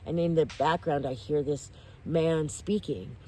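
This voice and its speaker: A woman telling a personal story in casual podcast chat, animated and intense, restarting her sentences and near tears. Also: low-pitched, husky. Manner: animated, intense, self-interrupting, quick to tears. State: tearful. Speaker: guest.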